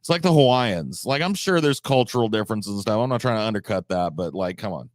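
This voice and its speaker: A man's voice: fairly low pitch, expressive, fast talker, no echo, clean studio sound. A man from the United States chatting casually on a live stream, blunt and rambling, with frequent swearing.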